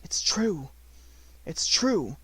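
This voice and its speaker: A man voicing a poor little girl in a storybook, hushed and breathless, rising to excited cries. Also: sits high, a little slow, slightly rough, dry recording, voice pushed up, heavily acted. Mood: eager whispers.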